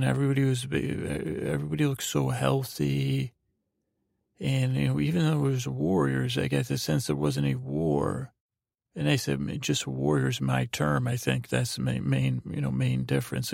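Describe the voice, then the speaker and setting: A man hosting a sleep podcast, telling a meandering bedtime story in a halting way, full of restarts and repeated "I said". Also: mid-range voice, vocal fry, darkish tone, no room sound, clean studio sound.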